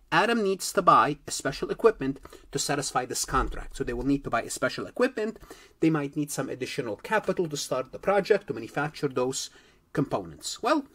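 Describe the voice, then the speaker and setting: Man, accounting lecturer, husky tone, recorded lesson, repeats key points. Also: medium pitch, fairly bright tone. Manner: speaks directly to students, pauses on key terms.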